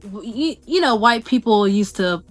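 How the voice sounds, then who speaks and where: A young woman from the Bay Area, a game show contestant chatting casually as a guest, talking fast with lots of "like" fillers. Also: mid-range voice, faint music behind. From San Francisco Bay Area. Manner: fast, animated talk full of "like" fillers. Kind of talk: casual chat.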